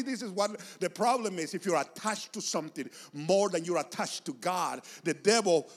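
A man's voice: high voice, creaky, a bit bright, big-room sound. A man preaching a sermon with passion and emphasis, repeating phrases to drive his points home.

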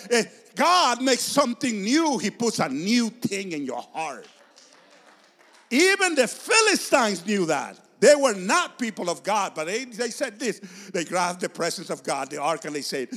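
A man's voice: sits high, sing-song, unhurried, a bit bright, big-room sound. A man preaching a sermon with passion and emphasis, repeating phrases to drive his points home.

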